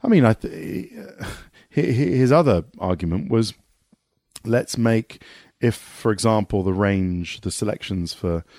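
Animated rambling man, low voice. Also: measured pace, dry recording, clean studio sound. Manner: animated, rambling, many restarts. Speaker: motorsport pundit guest. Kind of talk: casual podcast conversation.

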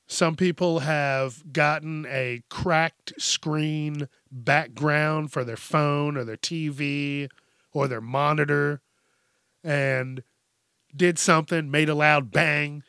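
A man's voice: fairly high pitch, steady tone, slow pace, bright, forceful tone, clean tone, no echo, studio quality. A man hosting a podcast, ranting bluntly and with heavy profanity, laughing often as he goes. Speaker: podcast host. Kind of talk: casual comedic rant.

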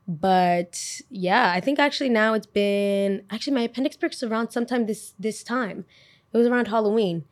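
Young woman, podcast host, mid-pitch, chatty and expressive, curses freely. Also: normal speed. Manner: animated, expressive, with frequent swearing. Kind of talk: casual storytelling.

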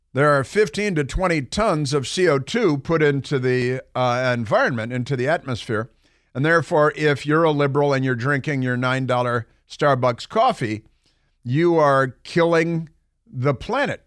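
A man's voice: medium pitch, no room sound. Man, middle-aged, radio host, sarcastic, mocking monologue, dry close studio mic. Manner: sarcastic, mocking, animated storytelling. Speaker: radio talk show host. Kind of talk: conservative talk radio monologue. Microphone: studio microphone.

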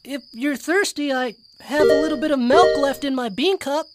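A woman's voice: high-pitched, moderate pace, loud music behind the voice, close to an everyday voice. A woman voicing a polite, naive young boy selling hot dogs in a cartoon, earnest and overly formal. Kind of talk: cartoon voice acting.

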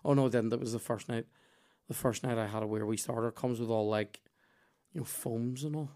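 A man, hosting a podcast and telling animated, sweary stories in casual chat. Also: medium pitch, a little fast. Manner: animated, sweary, acts out voices in his stories. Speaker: podcast host.

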